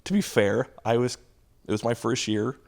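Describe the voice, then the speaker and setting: A man in his thirties, a stand-up comic and drama teacher, telling stories casually and acting out quotes in a higher pitch. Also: normal speed, creaky. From Houston, Texas. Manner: animated storytelling, acting out quotes with a jump in pitch. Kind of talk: casual storytelling.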